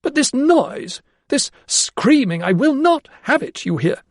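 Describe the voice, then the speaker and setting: A male narrator voicing a cold, cruel lady of an 18th-century house who barks harsh orders in a high, strained voice. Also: big pitch swings, slow pace, no room sound, clean studio sound, full character voice. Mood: furious. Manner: harsh, barking commands.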